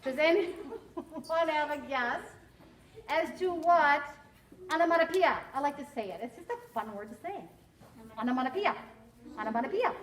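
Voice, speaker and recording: A woman's voice: high-pitched, lively intonation, normal speed. A woman teacher reading a picture book aloud to her class, playful and encouraging, savoring fun words. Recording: roomy classroom echo.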